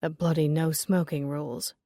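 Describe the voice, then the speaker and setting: A woman's voice: deep voice, flat delivery, normal speed, mellow, no room sound. A woman voicing a blunt, chain-smoking shop owner. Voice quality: raspy smoker's voice. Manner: blunt, offhand.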